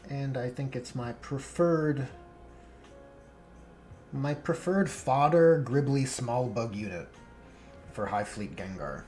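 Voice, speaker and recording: A man hosting a relaxed live stream, painting miniatures and chatting with viewers in a dry, joking way. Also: medium pitch. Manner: laid-back, dry joking, reads chat aloud.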